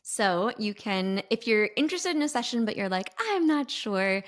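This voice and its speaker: Animated female storyteller. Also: mid-range voice, normal speed. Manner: animated, expressive, sings sound effects. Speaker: podcast guest, intuitive mentor. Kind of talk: storytelling in an interview.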